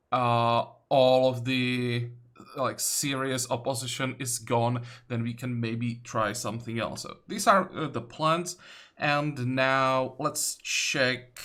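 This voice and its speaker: Slow, thinking-aloud man narrating a strategy game. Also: mid-range voice, fairly bright tone. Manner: thinking aloud, many fillers and self-corrections. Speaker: let's play host. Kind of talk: casual gameplay commentary.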